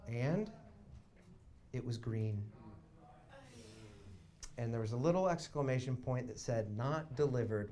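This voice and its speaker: A man's voice: mid-range voice, mellow. A man on a small theater stage telling a long comic story in a wry, conversational way with dry asides. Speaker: stand-up storyteller.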